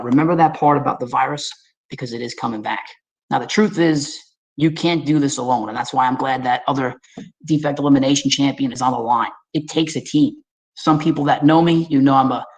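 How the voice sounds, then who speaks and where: Speaking straight to his webinar audience, this New Yorker from Staten Island presents slides with energy and a homey, conversational feel. His pitch is medium, his pace brisk, and the audio quality is poor.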